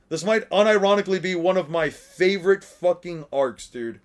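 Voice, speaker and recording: A man giving casual, excitable commentary while reacting to an anime, laughing and swearing as he talks. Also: high-pitched, moderate pace.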